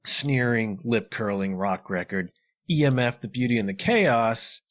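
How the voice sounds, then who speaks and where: A man in his forties, a guest reviewer giving a casual, animated music review, often tagging lines with "okay?". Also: medium pitch, measured pace. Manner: animated, conversational, frequent "okay?" asides.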